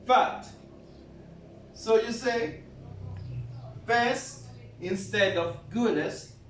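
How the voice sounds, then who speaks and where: A man teaching an English grammar lesson, explaining slowly and repeating key points. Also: sits high. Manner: slow, repetitive, explains step by step. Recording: roomy, from far off, faint noise.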